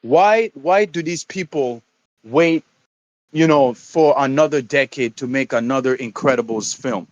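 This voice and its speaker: A man rambles through casual stream chat, stopping and restarting often, in a mid-pitched voice. His mic sounds a little dull and dry, with no room echo. He keeps talking at a relaxed, conversational level. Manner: rambling, halting, repeats words. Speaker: stream co-host.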